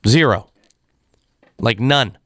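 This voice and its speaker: A man's voice: mid-range voice, slow, dry recording, clean studio sound. A man giving an exasperated, ranting rundown of the week in casual sports talk. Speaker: sports commentator.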